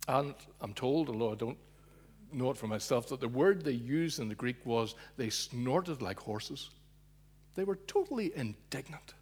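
A man with a husky, slightly breathy voice delivers a sermon in a storytelling way. He swings between emphatic, raised passages and quiet, low-spoken moments. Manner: storytelling, shifting between loud emphasis and hushed low asides. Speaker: preacher.

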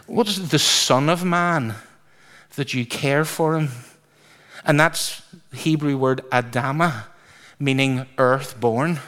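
A man preaching a sermon to a congregation, asking them questions and stretching words for emphasis. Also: mid-range voice. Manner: lively, drawn-out emphasis, asks congregation questions.

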